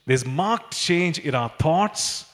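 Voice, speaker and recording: A man preaching a sermon in an animated way, with many fillers and repeated phrases. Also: a little high, slow.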